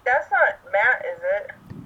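A young woman co-hosting, mostly giving short replies and asking quick questions. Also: mid-range voice, very animated, breathy edge. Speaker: podcast co-host. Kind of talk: casual chat. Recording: tinny phone-like line.

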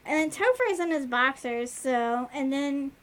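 A young woman's high, slightly bright voice is expressive and measured as she casually recaps a TV episode on her podcast. Her chat rambles with many fillers and she occasionally loses track of her notes. The recording is dull and lo-fi.

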